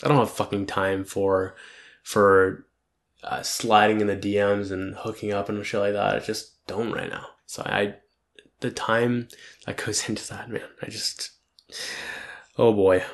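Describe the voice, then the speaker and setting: A man's voice: fairly low pitch, little pitch movement, unhurried, gravelly. A young man talking casually to camera in a rambling, profane and upbeat reflective monologue. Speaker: vlogger.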